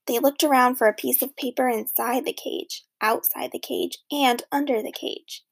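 Woman reading a kids story aloud, lively, lots of gravel in the voice. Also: high voice, normal speed. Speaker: audiobook narrator.

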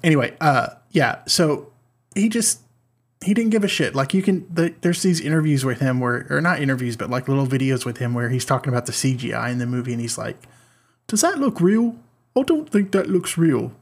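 A man's voice: mid-range voice, a little fast. A man co-hosting a podcast in casual chat, rambling and repeating his words as he goes. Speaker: podcast co-host.

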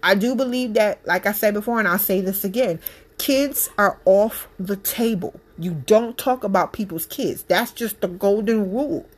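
A woman's voice: medium pitch, normal speed. A woman, a mother, giving her opinion in a casual monologue, emphatic and blunt, repeating her points with passion. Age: adult parent.

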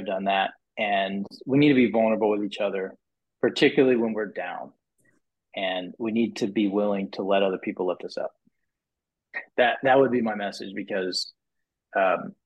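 A man guest on a podcast, telling his story in a casual, animated way, with many restarts and repeated "you know"s, and his voice rising high when he acts out what others said. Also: moderate pace, slightly rough. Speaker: podcast guest, business owner. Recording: muffled lo-fi podcast audio.

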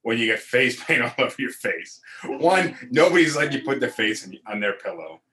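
A man's voice: mid-range voice, lively intonation, a little fast, pushed and bright. A man co-hosting a casual chat, telling stories with crude jokes and repeated words.

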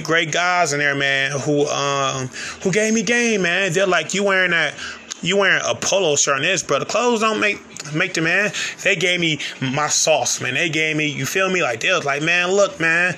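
A man's voice: a little high, bright, forceful tone, a little hiss or hum. Earnest young man confiding to listeners. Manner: earnest, confiding, peppers talk with "man" and "y'all". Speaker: podcast host. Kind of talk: personal storytelling monologue.

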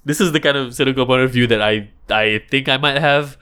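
A man's voice: medium pitch, fairly quick, bright, forceful tone, clear, resonant tone. A man thinking aloud in a casual monologue, rambling with restarts.

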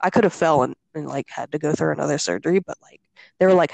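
A young woman chats casually, her voice gravelly and recorded close and dry. She tells her story loosely, full of filler words and blunt swearing. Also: sits low, quick pace, a little mellow, no echo, low-quality recording. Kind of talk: casual chat.

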